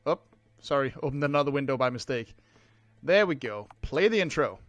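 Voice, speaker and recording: A young man casually commenting while playing a game, sarcastic and quick to swear. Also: mid-range voice, expressive, no room sound, faint music behind, poor audio. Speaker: let's play gamer.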